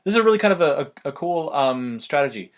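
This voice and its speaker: A man, talking fast and loosely with lots of fillers as he explains online marketing, a little out of breath. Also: a little high, sing-song. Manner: rapid, loose, filler-heavy delivery. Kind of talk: casual fast explainer talk.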